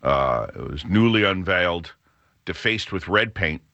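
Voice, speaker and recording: Deep-voiced rambling male radio host. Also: lively intonation, unhurried, creaky, bright, forceful tone, no echo, muffled recording. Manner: rambling with frequent restarts and fillers. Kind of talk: casual radio talk.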